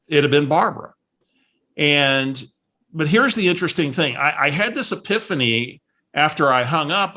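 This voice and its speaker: Bright-voiced male coach telling a story. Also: medium pitch. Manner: animated storyteller who acts out voices. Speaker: real estate coach.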